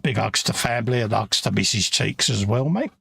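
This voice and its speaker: A man's voice: fairly low pitch, brisk, creaky, a bit bright, a little hiss or hum. A man in his fifties, a livestream co-host chatting casually while he builds a model, laid-back and full of slang.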